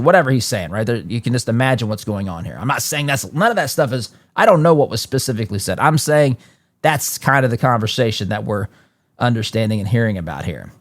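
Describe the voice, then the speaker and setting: A man's voice: lively intonation, no room sound. Emphatic male talk-show host, dry sound. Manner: emphatic, reads news reports aloud with quick asides; frequent restarts and pitch jumps for emphasis. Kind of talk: political commentary monologue.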